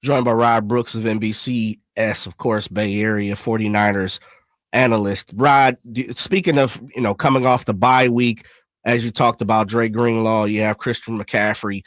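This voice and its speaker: A man's voice: on the low side, fairly even intonation, normal speed, fairly bright tone, no room sound. Chill radio cohost guy, normal voice, dry studio sound, kinda teasing. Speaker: sports radio co-host. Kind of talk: casual sports radio talk.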